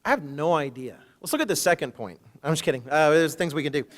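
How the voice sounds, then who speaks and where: A man preaching a sermon, reading scripture aloud and commenting in a conversational, joking way. He swings between loud emphatic quotations and low, hushed asides. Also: expressive, normal speed. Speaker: minister.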